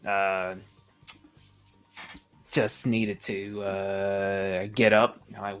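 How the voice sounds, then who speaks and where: Low-voiced man, rambling and awkward. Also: little pitch movement, drawn-out words, long pauses, a bit bright. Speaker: player. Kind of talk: tabletop role-play. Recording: faint background music.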